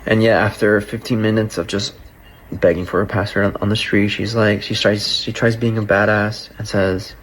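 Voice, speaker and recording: A man's voice: on the low side, moderate pace, a little hiss or hum, low-quality recording. A man telling a personal story in a casual, profane way, acting out what was said to him. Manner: profane, animated, acts out quoted dialogue. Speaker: storyteller recounting a breakup.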